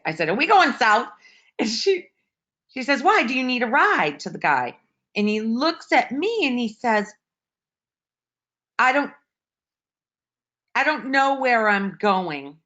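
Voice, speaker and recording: A woman's voice: mid-range voice, fairly bright tone, lo-fi sound. A woman casually retelling a personal story, emotional and full of restarts, on an online call. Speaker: participant sharing a story.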